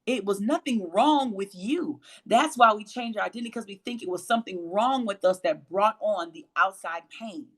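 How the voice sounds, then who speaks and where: A woman with a low voice hosting a faith-based motivational livestream, emphatic and preachy, repeating phrases for emphasis. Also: moderate pace, few pauses. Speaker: host and motivational speaker.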